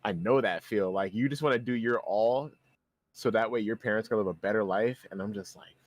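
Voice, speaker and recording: A man's voice: fairly low pitch, a little fast, dry recording. A young man co-hosting a podcast, chatting casually, swearing a lot and laughing easily. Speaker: podcast co-host. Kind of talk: casual chat.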